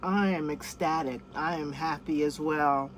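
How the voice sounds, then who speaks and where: Slow, low-voiced woman vlogger, chatty and easygoing, with clear outdoor noise behind her. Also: steady tone. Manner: chatty, talks to her pets. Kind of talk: casual cooking vlog. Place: living off grid, in or by a vehicle.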